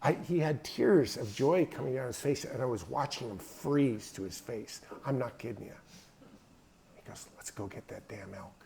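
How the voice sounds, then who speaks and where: A man's voice: mid-range voice, normal speed, creaky, dark tone. Brief: middle-aged man, folksy drawling storyteller, faint room hum behind. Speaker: guest speaker. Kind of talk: storytelling talk. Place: hangar.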